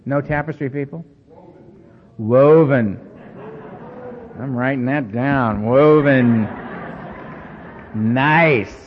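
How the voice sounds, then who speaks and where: A man speaking to a recovery meeting, telling stories in an animated, self-mocking way and acting out the dialogue. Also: mid-range voice, a little slow, few pauses, slight background noise. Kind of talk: storytelling talk to an audience. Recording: dull recording with long hall reverb.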